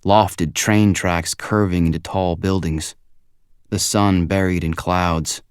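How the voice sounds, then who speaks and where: Male audiobook narrator, very low voice, quiet measured first-person read, dry close booth sound. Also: steady tone, clear, resonant tone, dry recording.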